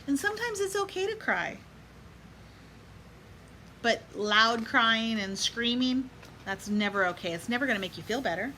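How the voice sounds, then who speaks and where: Bright-voiced woman reading to kids. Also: a little high, expressive, a little hiss or hum, poor audio. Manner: pauses to add gentle life lessons for kids and moms; invites listeners to chant along. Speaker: storybook reader. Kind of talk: reading a picture book aloud to children.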